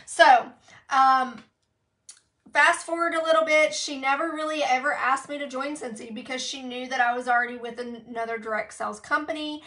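Speaking a bit away from her phone on a live video call, a young woman in direct sales shares her story during a team training, casual yet sincere and heartfelt, with plenty of fillers. She has a high, bright voice that stays steady in tone at normal speed.

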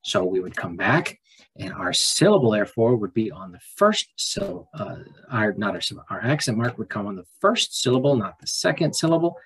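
Very husky low-voiced man teaching. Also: fairly quick, poor audio. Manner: relaxed, folksy, with filler "uh"s and restarts. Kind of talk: casual screen-recorded lesson.

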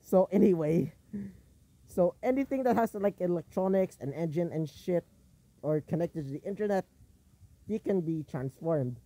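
A man's voice: sits high, animated, moderate pace, dark tone, dry recording. A man casually improvising a fan-fiction story, rambling with many ums and a bit of swearing.

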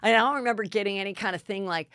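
A woman's voice: mid-range voice, rapid-fire, a bit bright, no echo, studio quality. A woman hosting a podcast, telling stories in casual gossip chat and acting out what people said. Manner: chatty storyteller, acting out quotes. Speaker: podcast host.

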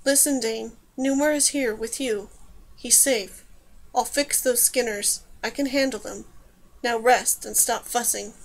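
A woman voicing a gruff, protective male badger god with a gravelly, brusque voice. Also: very high-pitched, fairly even intonation, unhurried, full character voice, low-quality recording. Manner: brusque, reassuring.

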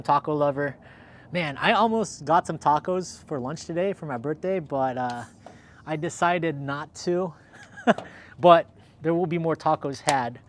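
A man's voice: fairly high pitch, fairly bright tone, slight background noise. A man hosting a casual livestream, upbeat and chatty, thanking viewers by name, a little out of breath. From Southern California. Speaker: livestream host. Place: outdoors in cold weather.

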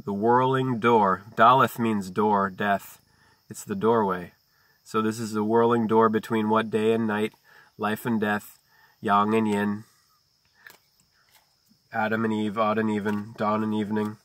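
A man hosting a video who reads a book aloud, breaking off for slow, deliberate wordplay and chant-like lists. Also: on the low side, flat delivery, fairly bright tone, no echo. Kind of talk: reading aloud mixed with free-associating musings.

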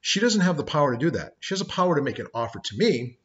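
A middle-aged law instructor gives a conversational recorded lecture, using personal stories as examples. His fairly high, slightly bright voice swings widely in pitch at a quick pace, and the webcam microphone gives it a lo-fi sound.

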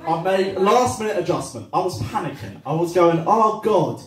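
A young man doing a stand-up comedy set, rambling and self-deprecating with lots of fillers. His voice rides a little high and moves around a lot at an unhurried pace. He is heard from a distance in a roomy live venue. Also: expressive, crowd noise. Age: young adult. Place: cafe-bar comedy night.

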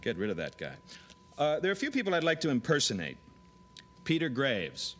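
Animated man auditioning with bright voice. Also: mid-range voice, a little hiss or hum. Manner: animated, rapid switches between voices and his plain delivery. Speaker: comedian auditioning. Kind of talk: audition monologue with character voices.

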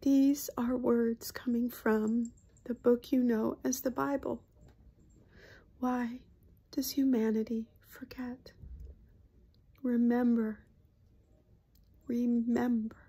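A woman voicing a gentle, somber channeled spirit collective in a whispered role-play, speaking in a slow, solemn, loving way. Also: on the high side, level tone, breathy edge, full character voice.

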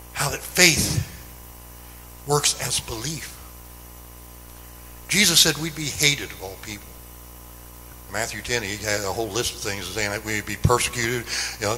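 Earnest male Sunday school teacher, bright tone. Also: mid-range voice, in a large hall, a little hiss or hum, rough recording. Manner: earnest, repetitive, building emphasis. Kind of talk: Bible lesson. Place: church.

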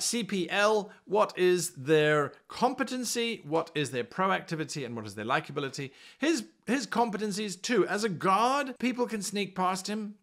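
A man talks through his game master advice in a tutorial. He explains in a chatty, animated way. His voice sits a little high and swings widely in pitch. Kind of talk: tutorial talk to camera.

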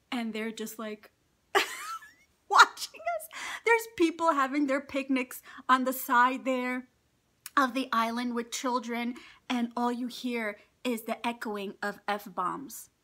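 A middle-aged woman vlogger telling a story in casual chat, animated and laughing often as she acts out what people said. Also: a little high. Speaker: mukbang vlogger.

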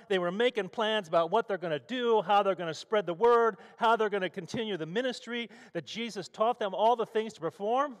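A male pastor delivering a sermon with vivid, storytelling scene-setting. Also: sits high. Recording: long hall reverb.

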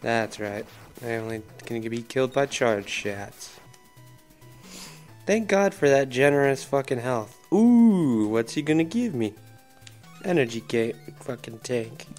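A man's voice: mid-range voice, lively intonation, unhurried, darkish tone, faint music behind. A man commenting on his own video game play, swearing heavily and ranting in frustration. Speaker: gaming commentator. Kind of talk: angry let's-play commentary.

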